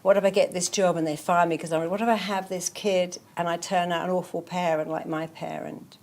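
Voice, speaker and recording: A woman's voice: lowish voice, brisk. Emphatic woman therapist giving advice. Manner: emphatic, repeating affirmations, lively storytelling. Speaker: therapist guest. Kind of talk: motivational interview talk.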